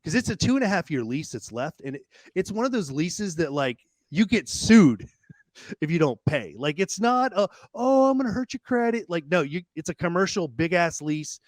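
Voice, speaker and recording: Fast-storytelling man, dry close sound. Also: on the high side, dry recording. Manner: animated, swears freely, repeats words while racing ahead. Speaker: podcast guest. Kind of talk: casual storytelling.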